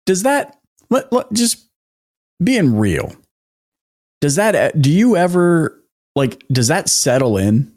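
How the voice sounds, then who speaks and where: A man's voice: a little high, big pitch swings, takes it slowly, pauses often, darkish tone. A man from Canada with a Canadian accent, hosting a podcast interview, enthusiastic and restarting his questions. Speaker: podcast host. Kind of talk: casual interview.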